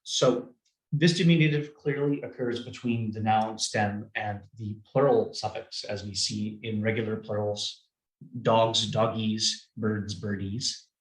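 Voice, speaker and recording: A man's voice: fairly low pitch, fairly even intonation, measured pace, echoey room, low-quality recording. A man presenting a short recorded poster talk, explaining his points by listing example words one after another. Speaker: conference presenter.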